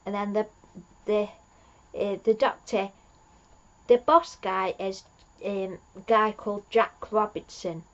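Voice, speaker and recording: Slow-talking chatty woman. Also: mid-range voice, fairly even intonation, highs cut off. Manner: rambling, chatty, laughs at own jokes. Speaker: fan reviewer. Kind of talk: casual episode recap.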